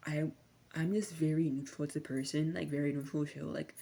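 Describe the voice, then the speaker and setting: A young woman rambles through a sardonic, slang-heavy rant in a low voice. She talks softly for ASMR and now and then slips into whispers. Her tone is warm and relaxed. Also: moderate pace. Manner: slangy, sardonic, drifting between soft talk and whispers. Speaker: vlogger.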